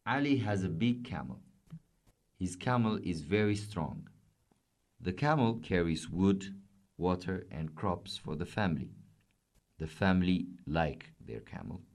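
A man reads a children's story aloud slowly and simply, in an encouraging teacher's way. His voice is very low and swings widely in pitch. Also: animated.

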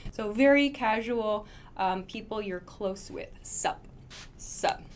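A woman teaching casual English phrases in a relaxed live lesson, demonstrating pronunciation slowly and laughing often. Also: mid-range voice, slight background noise. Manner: slow, clear demonstrations with laughs.

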